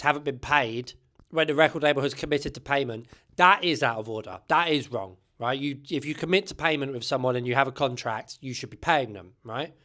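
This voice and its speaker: A man's voice: on the high side, a bit bright. Chatty man, opinionated commentary. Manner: chatty, opinionated, says "right?" often. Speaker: music channel host. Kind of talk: casual commentary to camera.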